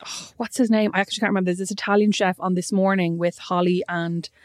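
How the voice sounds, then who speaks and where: A woman's voice: on the low side, steady tone, no room sound. A young pregnant woman, teasing and telling stories in casual podcast chat. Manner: teasing, storytelling with quick quoted voices.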